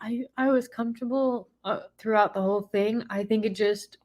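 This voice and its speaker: Female co-host, mid-pitched, soft and hesitant in casual conversation. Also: fairly even intonation, moderate pace. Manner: soft, hesitant, many fillers and restarts. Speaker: co-host recounting a personal experience. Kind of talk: casual chat.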